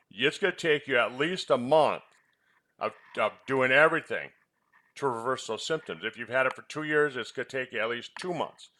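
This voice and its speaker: His medium-pitched voice has a bright, forceful tone. A health-product presenter who formerly ran a clinic, he rambles about supplements and teases his co-host with quizzes.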